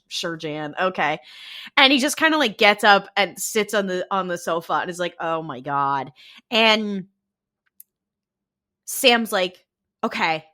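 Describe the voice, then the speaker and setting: A young woman co-hosting a podcast, casually retelling TV scenes and acting out the characters' lines. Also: medium pitch. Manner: animated retelling with quoted voices and laughter. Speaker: podcast co-host. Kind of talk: casual recap chat.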